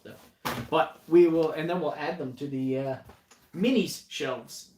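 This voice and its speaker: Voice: medium pitch, unhurried. Laughy rambling unboxing host, kinda far from the mic, roomy echo, little bit of hiss. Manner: jokey, laughs often, rambling. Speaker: livestream co-host. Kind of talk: casual unboxing chat. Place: home basement. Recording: echoey room, distant mic, faint noise.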